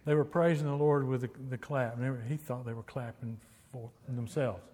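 A man's voice: mid-range voice, fairly even intonation, fairly quick, mellow, long reverb tail. A man from Texas, preaching a sermon with emphatic repetition and storytelling.

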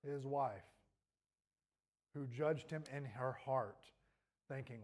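A man's voice: medium pitch, takes it slowly, a little mellow. Earnest male pastor preaching. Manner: earnest preaching, rising and falling intensity. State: throat trouble. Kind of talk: sermon.

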